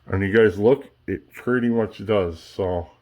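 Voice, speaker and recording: A man's voice: lowish voice, unhurried, dull audio, slight background noise. A man hosting a casual workshop tutorial, thinking aloud as he works, restarting sentences and checking in with "okay?" often. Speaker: chainsaw builder and channel host.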